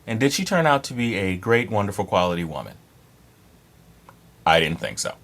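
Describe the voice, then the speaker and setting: A man in his mid-thirties talks straight to his viewers in a loose, rambling monologue. His voice sits on the low side, and he is blunt and freely profane, with plenty of fillers and restarts. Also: big pitch swings, moderate pace, a bit bright. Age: 30s. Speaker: dating advice vlogger. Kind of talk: casual monologue to camera.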